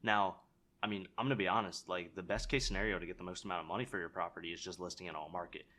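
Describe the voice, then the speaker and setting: A man's voice: deep voice, steady tone, very fast, bright, forceful tone. A young man teaching sales calls in a casual, conversational way, acting out sample lines to sellers. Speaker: sales trainer. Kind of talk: instructional talk with role-played sales calls.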